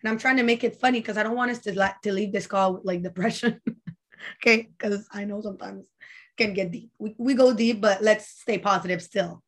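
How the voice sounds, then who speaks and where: A woman hosting a podcast who gives self-help advice in a casual, motivational talk. She is chatty and animated, laughs often and acts out her own inner voice. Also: medium pitch, a little fast.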